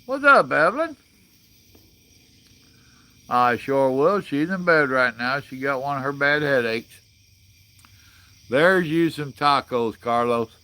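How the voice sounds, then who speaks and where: A man's voice: mid-range voice, unhurried, bright, forceful tone, smooth. A man, hosting a casual live chat and reading viewer comments in a blunt, folksy way. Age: 60s. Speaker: livestream host.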